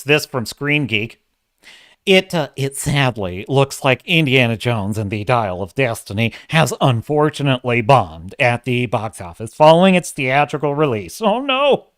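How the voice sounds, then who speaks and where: Prim, preachy male newsreader, a man's mocking put-on, bright and lively. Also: mid-range voice, measured pace, dry recording. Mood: sanctimonious. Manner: affected, sanctimonious reading.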